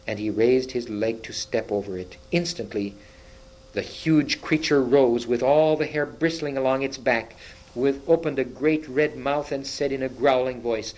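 A man narrating a storybook aloud in slow, measured, dramatic tones. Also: medium pitch, darkish tone, poor audio.

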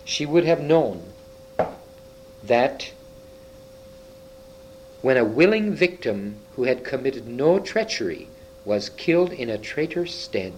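A man voicing a great, kind male lion in a calm, solemn storybook voice. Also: medium pitch, slow pace, pauses often, a little hiss or hum, rough recording.

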